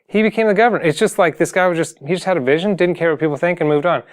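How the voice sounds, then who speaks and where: A man's voice: fairly high pitch, racing. A man giving motivational advice on singing, talking casually and earnestly to the camera, full of fillers and restarts. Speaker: singing coach.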